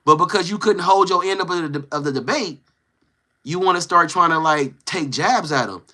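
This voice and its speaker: Brief: slangy male storyteller, voice a bit high, sharp and forceful, acts out others' lines. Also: normal speed. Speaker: live-stream host. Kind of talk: casual storytelling.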